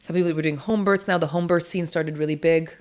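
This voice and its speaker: A woman's voice: deep voice, fast. A woman doula speaking as an interview guest, outspoken and blunt, swearing casually and laughing often as she talks. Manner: animated, laughs often between points.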